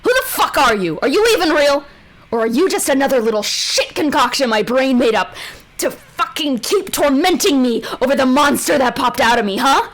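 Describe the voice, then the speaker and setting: Woman doing a raging, cursing woman adventurer, high voice. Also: lively intonation, unhurried. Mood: furious. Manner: swearing, shouting, desperate.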